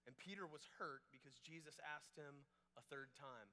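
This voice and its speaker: A man's voice: fairly high pitch, moderate pace, hardly any pauses, sharp tone. A man preaching a casual, storytelling youth camp sermon with playful asides. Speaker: camp speaker. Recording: long reverb of a large hall.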